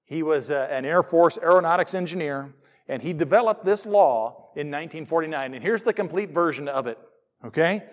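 A middle-aged man preaching a sermon in church, mixing jokes with scripture readings. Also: a little high. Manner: animated, jokey preacher who reads scripture aloud. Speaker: pastor.

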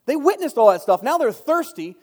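A man's voice: very high-pitched, big pitch swings, brisk, darkish tone. A man giving a casual Bible study talk, chatty and joking, often breaking off into asides. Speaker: Bible teacher. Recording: long reverb.

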